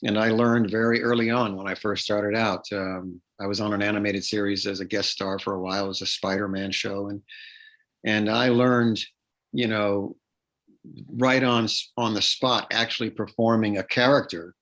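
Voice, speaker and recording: A man's voice: fairly low pitch, level tone, moderate pace, a bit bright. Man explaining his craft in an interview. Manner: explanatory, repeats words, many fillers and restarts. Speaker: actor and podcast guest. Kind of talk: interview conversation.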